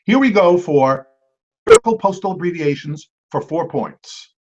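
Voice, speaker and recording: A man runs a trivia game, reading each clue twice in a lively voice that rises and falls a lot. Between questions he slips in chatty asides and quick apologies to the teams. The recording is dull and lo-fi. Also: a little high. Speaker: quiz host.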